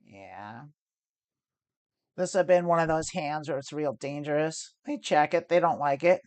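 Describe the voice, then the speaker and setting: A chatty American woman with a slightly low voice, talking through her poker hands on a live stream. She is self-mocking, laughs often and swears lightly. The sound is dry and close. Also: unhurried, a little mellow, dry recording. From United States. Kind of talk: live-stream gameplay commentary.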